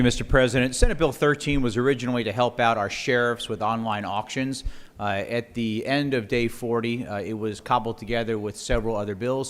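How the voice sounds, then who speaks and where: A man, a state senator, making a formal motion and brief floor speech. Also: mid-range voice. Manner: brisk, procedural. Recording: reverberant legislative chamber.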